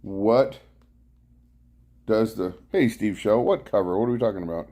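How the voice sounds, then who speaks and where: A man's voice: fairly low pitch, normal speed, warm tone. Guy lounging on his couch at home, live streaming, says hi to chat by name, wearing a clip mic. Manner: greets chat viewers by name between rambling stories. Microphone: clip-on mic worn from bike riding.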